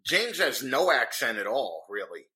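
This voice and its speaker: A man's voice: mid-range voice, very animated, moderate pace, sharp tone, poor audio. A man with a New York accent, a podcast guest chatting casually, crude and joking, swearing freely. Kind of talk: casual chat.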